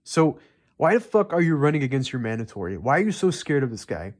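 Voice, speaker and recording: A man's voice: medium pitch, big pitch swings, quick pace, a little mellow. A young man ranting heatedly and profanely in unscripted commentary, rambling with many fillers. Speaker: MMA commentary YouTuber.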